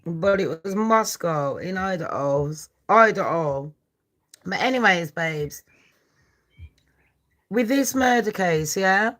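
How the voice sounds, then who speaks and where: This woman in her 40s hosts a live stream, breaking off from true-crime discussion to curse and confront her commenters. Her voice is fairly low and fairly bright, with lively intonation, a slow pace and frequent pauses.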